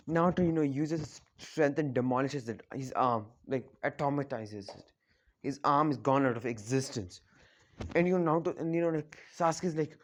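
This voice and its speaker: A man's voice: a little high, moderate pace. A man casually retelling a fan story, rambling with lots of restarts and filler words. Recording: dull lo-fi recording.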